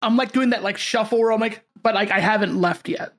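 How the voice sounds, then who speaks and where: A woman's voice: mid-range voice, fairly quick. A woman playing a tabletop role-playing game, talking hesitantly with frequent "like". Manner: hesitant, full of "like". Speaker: player.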